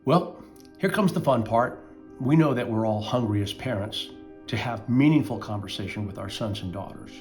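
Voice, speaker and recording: A man speaking to parents, telling a moral fable and giving advice in an earnest, emphatic way with dramatic pauses. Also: on the low side, faint music behind.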